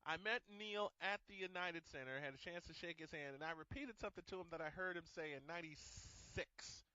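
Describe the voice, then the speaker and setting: Boisterous, bright-voiced male sports show host. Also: fairly high pitch, fairly quick, smooth, no room sound, lo-fi sound. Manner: boisterous, laughs often, swears freely. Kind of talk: casual sports radio chat.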